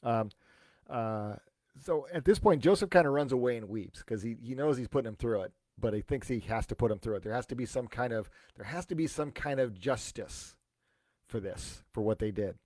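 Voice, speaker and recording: A man's voice: mid-range voice, moderate pace, a little mellow, no room sound. A man, a pastor, casually retelling a Bible story with chatty asides and questions to listeners.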